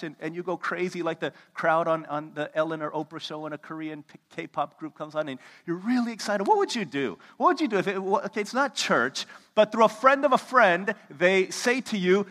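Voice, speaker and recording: Pastor in his thirties for a sermon: lively storyteller, raised pitch, room echo of a hall. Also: normal speed. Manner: animated storytelling, swings from loud to hushed. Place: church sanctuary. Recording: long reverb of a church hall.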